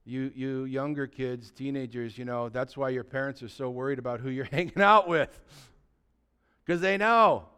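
Here a pastor's clean, medium-pitched voice moves at normal speed through a sermon. Mixing in humor, he urges his listeners on, swinging from soft asides to loud, impassioned stretches.

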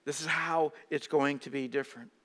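Male pastor with a slightly raised pitch, preaching animatedly and acting out quotes, recorded in a reverberant church hall. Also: normal speed. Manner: animated, acts out quoted voices, repeats words. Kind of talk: sermon.

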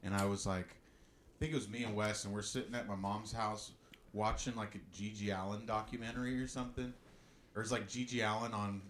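A man's voice: fairly low pitch, brisk, a little hiss or hum. A man co-hosting a podcast, telling stories casually and swearing freely. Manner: animated storyteller, swears freely. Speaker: podcast co-host. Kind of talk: casual chat.

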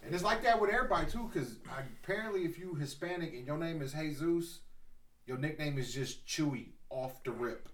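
A man's voice: fairly high pitch, brisk, a bit bright. A man co-hosting a podcast in casual group chat, telling stories and acting out what others said. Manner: storytelling, acts out what others said. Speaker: podcast co-host.

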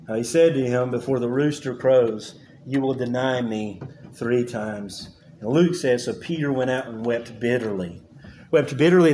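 A man preaching a sermon, earnest and halting, with frequent fillers and repeated words as he works through the scripture. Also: mid-range voice, a little mellow, slight background noise. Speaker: pastor.

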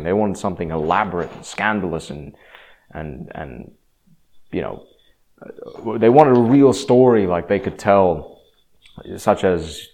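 A man giving a casual, rambling talk on faith, often restarting his sentences and swinging from quiet to emphatic. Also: low voice. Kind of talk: casual religious monologue.

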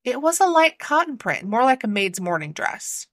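A woman's voice: fairly high pitch, big pitch swings, normal speed, dry recording, studio quality. A woman voicing a deferential young maid. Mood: apologetic. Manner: respectful, apologetic. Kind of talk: storybook reading.

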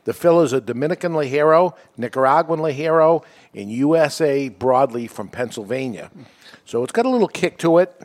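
A man's voice: a little high, expressive, a little fast, darkish tone. A man co-hosting a cigar podcast, explaining a cigar's tobacco plainly in casual chat. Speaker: podcast co-host.

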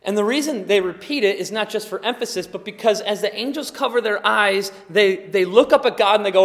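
Guy preaching in a big echoey hall, goes quiet then loud, pretty high voice. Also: animated, moderate pace, hardly any pauses. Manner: emphatic, swings from quiet to loud. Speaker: pastor. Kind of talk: sermon. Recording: long hall reverb.

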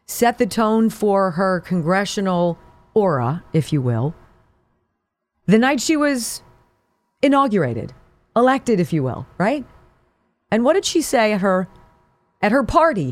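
A woman's voice: mid-range voice, dry recording. A woman hosting an opinion talk show, delivering sarcastic and mocking commentary.

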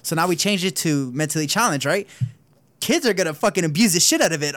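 Guy with a higher voice, chatty and swearing, dry close sound. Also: lively intonation, fairly quick, fairly bright tone, dry recording. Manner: casual, swears, stammers at starts. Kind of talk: casual podcast chat.

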